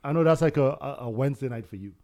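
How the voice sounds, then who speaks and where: A man of middle pitch hosting a casual podcast among friends. He leads the talk with playful, prodding questions and a relaxed delivery. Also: very fast. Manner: teasing, steering questions. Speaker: podcast host. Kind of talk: casual chat.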